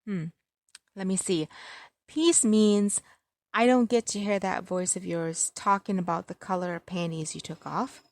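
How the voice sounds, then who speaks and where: A woman's voice: mid-range voice, fairly even intonation, a little slow, no echo, lightly acted. A woman voicing a studious young man who is dry, sardonic and easily exasperated. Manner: sardonic, clipped.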